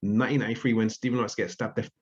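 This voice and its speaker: A man's voice: lowish voice, steady tone, very fast. A man hosting a talk, asking polite and somewhat hesitant questions. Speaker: host. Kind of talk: interview questions. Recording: slightly dull lo-fi sound.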